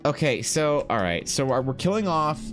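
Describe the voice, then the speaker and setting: Male streamer, mid-pitched, rambling casual chat over faint music. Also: big pitch swings, moderate pace. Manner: rambling, thinking aloud, answering chat.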